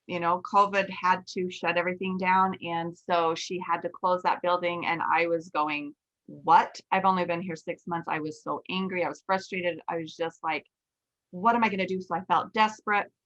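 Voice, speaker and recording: Female host, 40s, lower register, frank conversational storyteller; muffled lo-fi audio. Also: normal speed. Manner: candid, animated retelling with quoted self-talk. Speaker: podcast host, nail instructor. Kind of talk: casual storytelling chat.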